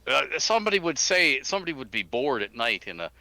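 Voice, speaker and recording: An older man tells stories with real energy, his pitch swinging widely as he goes. His tone is bright and forceful. He is a guest designer chatting over a remote call. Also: quick pace, no room sound. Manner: animated anecdotal storyteller, bursts of laughter. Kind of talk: casual storytelling chat.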